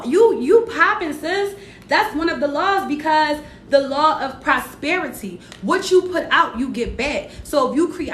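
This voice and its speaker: A woman giving a casual card reading to livestream viewers, slangy and encouraging as she chats with them. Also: a bit bright. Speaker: spiritual reader on a livestream. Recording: echoey room with faint rumble.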